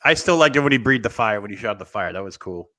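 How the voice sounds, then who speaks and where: A man's voice: lowish voice, expressive, fast, pushed and bright. A man co-hosting a wrestling talk show in casual panel chat, rambling, thinking aloud and laughing often.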